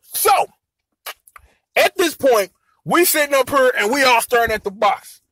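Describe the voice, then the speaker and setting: High-voiced, bright, animated man. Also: measured pace, dry recording. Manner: animated, slangy, acts out characters in quoted voices. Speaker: anime and tokusatsu episode reviewer. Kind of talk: casual review rant.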